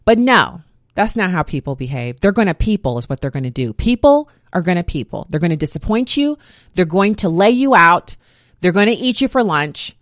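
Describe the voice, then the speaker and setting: A woman with a fairly low voice gives a faith-based monologue, reciting scripture in a steady, emphatic rhythm. The sound is dry and close, with no room echo. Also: brisk.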